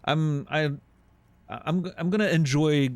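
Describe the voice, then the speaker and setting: A man's voice: fairly high pitch, takes it slowly, dry recording. A man streaming live, chatting casually with his viewers and thanking them, on a studio condenser microphone.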